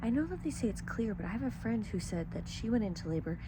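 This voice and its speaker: A woman's voice: a little high, sing-song, fast, background noise. A pregnant woman vlogging casually, talking candidly and emotionally, rambling as she goes. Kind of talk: casual confessional vlog.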